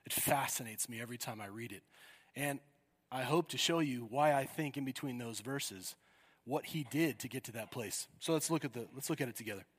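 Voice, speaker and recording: A man preaching a sermon, telling a story with sudden loud cries. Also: medium pitch, brisk, breathy edge, in a large hall.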